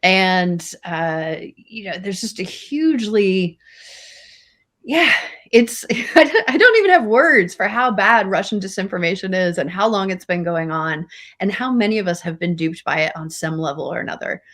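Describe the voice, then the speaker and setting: An earnest woman co-hosting a casual discussion show, with a voice of middling pitch. She talks in an emphatic way and repeats words to drive her points home. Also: expressive, moderate pace, fairly bright tone. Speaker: podcast co-host.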